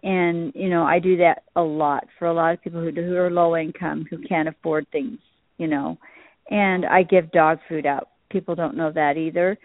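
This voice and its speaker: A woman's voice: lowish voice, fairly even intonation, moderate pace, dry recording. A woman guest on a call-in show, telling stories in an earnest, emotional way. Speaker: guest, shop owner. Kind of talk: casual interview chat. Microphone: phone call. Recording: dry tinny phone line.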